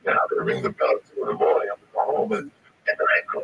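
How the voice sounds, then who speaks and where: With a gravelly bass voice, lively intonation and rapid-fire delivery, a male stand-up comedian spins a rambling tale laced with swearing. It is recorded on a distant mic, with faint background noise audible.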